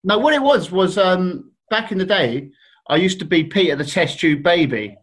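A man's voice: high voice, lively intonation, normal speed, fairly bright tone, poor audio. A man from Surrey, a guest on a casual podcast, telling stories and acting out other people's voices. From Surrey, England.

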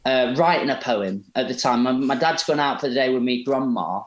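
Animated man telling stories. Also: mid-range voice, brisk. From Derby, England. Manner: animated, rambling, self-interrupting. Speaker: podcast guest, poet. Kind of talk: casual storytelling interview. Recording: roomy echo.

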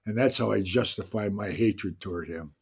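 An older man, a guest actor on an interview podcast, telling anecdotes in a casual, animated way and acting out the lines he quotes. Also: fairly low pitch, moderate pace, creaky, breathy edge.

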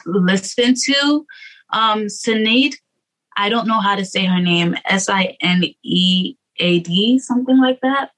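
A woman's voice: mid-range voice, fairly bright tone, poor audio. A young woman singer, a guest, chatting casually and hesitantly, with many restarts and fillers. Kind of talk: casual interview chat.

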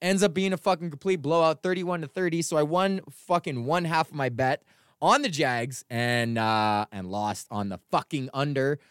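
A man's voice: fairly high pitch, normal speed, fairly bright tone, clear, resonant tone, dry recording, clean studio sound. A man hosting his own podcast, telling rambling, profane stories in a casual rant, from Canada. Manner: profane, rambling storytelling with laughs. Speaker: podcast host.

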